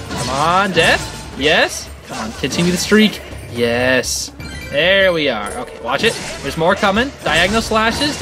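Excitable let's-play commentator. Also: mid-range voice. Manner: excitable, rambling, laughs often. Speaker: gaming channel host.

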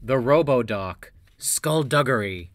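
A man chatting through a card game on a podcast, reading odd card names aloud with amused disbelief. His voice sits at an ordinary middle pitch and sounds close and dry, with little room sound. The talk is loose and joking. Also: expressive, slow, no room sound. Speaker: podcast co-host. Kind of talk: casual chat while playing a card game. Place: living room blanket fort.

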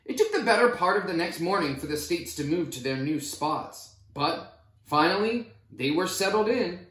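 A man reading a children's picture book aloud in an animated storytelling manner. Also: sits high, moderate pace. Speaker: storybook reader. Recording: roomy echo.

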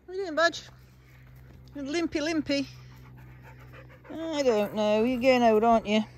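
A woman vlogging on a woodland walk, calling and praising her dogs in a sing-song way and musing quietly about the woods. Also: high voice, steady tone, moderate pace, slight background noise. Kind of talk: casual outdoor vlog with dog commands. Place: woodland outdoors.

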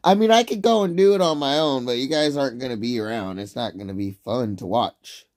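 A young man livestreaming, ranting and yelling insults at his chat, then dropping to low mutters. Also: a little fast. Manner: swings between shouting and low mutters. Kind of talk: casual livestream rant.

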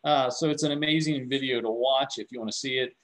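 A man's voice: mid-range voice, a little fast, poor audio. A man presenting on cybersecurity in a conversational, loose way, often restarting his words as he tells stories. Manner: conversational, repeats and restarts words, animated storytelling. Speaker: security presenter. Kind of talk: informal tech webinar lecture.

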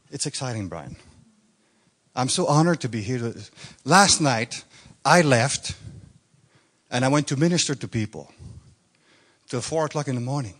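French-Canadian man preaching with a warm joking lilt. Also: mid-range voice. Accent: Quebec French. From Quebec, Canada. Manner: chatty, joking asides, bursts of enthusiasm. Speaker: guest minister. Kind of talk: informal sermon. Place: church meeting on stage.

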